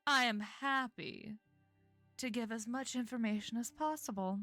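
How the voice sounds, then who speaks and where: A woman's voice: fairly high pitch, bright, forceful tone, soft background music. A woman voicing a sultry, composed female figure in a tabletop game. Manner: sultry, slow.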